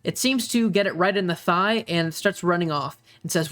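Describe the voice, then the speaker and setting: A young man narrating a tabletop game as game master, pausing often with ums and uhs. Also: high voice, a bit bright. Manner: halting, many ums and uhs.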